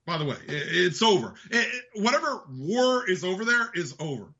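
A man's voice: sits high, big pitch swings, brisk, hardly any pauses, sharp tone, dull audio. A man hosting a show, delivering an angry, profane political rant. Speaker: host. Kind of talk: ranting political commentary.

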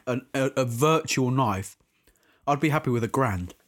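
A man's voice: medium pitch, lively intonation, normal speed. A young man hosting a casual podcast, rambling and swearing freely. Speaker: podcast host. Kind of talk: casual chat.

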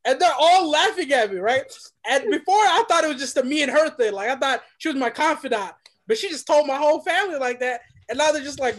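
A young man, a podcast guest, telling a story in a lively, dramatic way and dropping to a hush for effect. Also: very high-pitched, fast. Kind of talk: animated storytelling.

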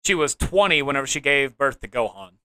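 A man hosting a casual podcast chat, upbeat and quick to laugh. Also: medium pitch, animated, bright, forceful tone, clear, resonant tone, no echo. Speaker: podcast host.

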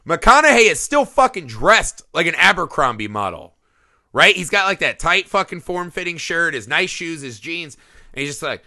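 Lively bright-voiced man ranting. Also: on the high side, normal speed. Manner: animated, profane, laughs often, acts out characters. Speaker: podcast co-host. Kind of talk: casual movie review chat.

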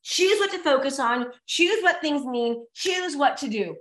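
Woman, high voice, motivational speaker coaxing a live crowd, echoey room. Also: animated, unhurried, a bit bright. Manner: emphatic and repetitive, coaxing the audience. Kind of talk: motivational talk to a live audience.

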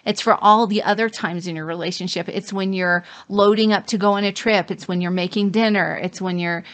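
A woman's voice: medium pitch, fairly even intonation, brisk, fairly bright tone. A middle-aged woman co-hosting a casual advice chat, walking through points one by one. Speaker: co-host.

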